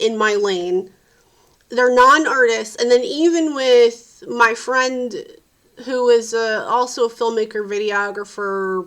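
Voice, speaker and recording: A woman's voice: on the high side, a bit bright. A sleep-deprived woman, a parent, venting in a casual vlog with profane, exasperated rants. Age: adult parent. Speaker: vlogger.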